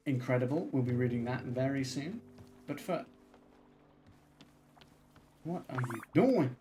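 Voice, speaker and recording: A man's voice: medium pitch, unhurried, pauses often. A man streaming a cozy game, chatting casually and reading its text aloud. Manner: relaxed, chatty, talks to the game. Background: game music.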